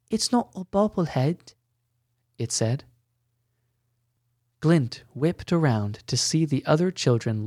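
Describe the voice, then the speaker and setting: A man reading a storybook in scripted narration with a measured, even delivery. He takes his time, and his voice sounds dry and close to the mic. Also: medium pitch, dry recording.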